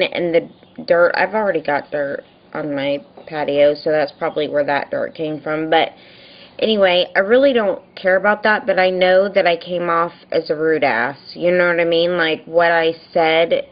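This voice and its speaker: A woman's voice: lowish voice, muffled recording. A woman vlogger venting in a rambling, frustrated daily video diary, telling a story by quoting what she and others said.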